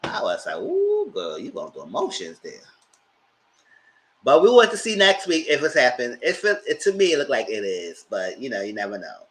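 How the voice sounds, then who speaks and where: Man, TV recap host, animated pitch, bright tone, chatty, laughs a lot. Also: a little fast, hardly any pauses. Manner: animated, chatty, laughs often, slips into loud excited outbursts. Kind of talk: casual live TV review commentary.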